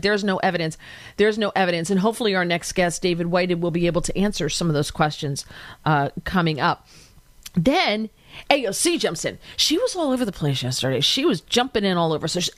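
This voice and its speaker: A woman guest-hosting a talk radio show, giving animated, indignant commentary in fast bursts. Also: fairly low pitch, dry recording.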